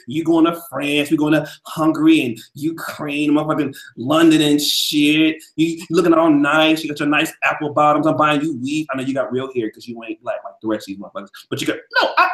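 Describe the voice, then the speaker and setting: Loud profane man in an echoey room. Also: fairly high pitch. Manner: loud, profane, boastful, swings from shouting to muttering. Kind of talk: heated casual podcast rant.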